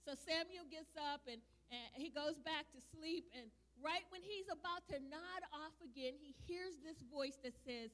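A woman's voice: high voice, a little slow, few pauses, a bit bright. A woman preaching a sermon, retelling a Bible story with playful asides and direct questions to her listeners. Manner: storytelling, playful asides, talks to the tech person.

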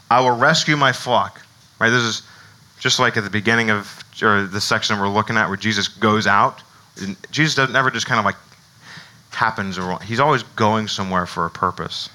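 A middle-aged male pastor preaching a sermon in a conversational, animated way, often checking in with "right?". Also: medium pitch, rough recording.

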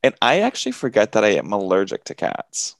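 A man's voice: lowish voice, wildly swooping pitch, fairly quick, gravelly, no room sound. A young man co-hosting a podcast, rambling casually with plenty of swearing and laughter. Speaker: podcast co-host. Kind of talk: casual chat.

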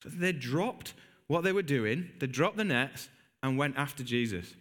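Animated male preacher. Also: medium pitch, measured pace. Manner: animated storytelling, acts out biblical characters. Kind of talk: sermon. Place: church.

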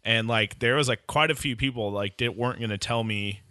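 Bright-voiced young man rambling casually. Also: medium pitch, a little fast, no echo, studio quality. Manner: rambling, many likes, jokey. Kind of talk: casual chat.

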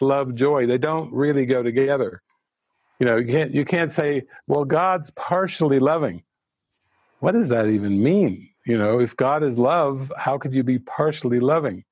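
A man's voice: mid-range voice, darkish tone, no room sound. A man giving a spiritual teaching talk as a retreat leader, earnest and searching, often restarting his sentences. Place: studio.

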